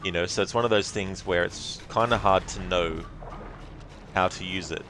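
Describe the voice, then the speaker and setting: An Australian streamer with a deep voice chats loosely with his viewers as he plays. His talk is relaxed and rambling, full of easy laughs. Game music plays faintly behind him. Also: moderate pace. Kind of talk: casual live-stream chat with viewers.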